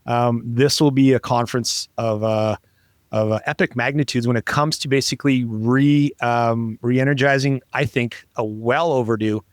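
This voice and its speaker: A man's voice: mid-range voice, fairly even intonation, moderate pace, dry recording, studio quality. Jokey, rambling male podcast host. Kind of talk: casual chat.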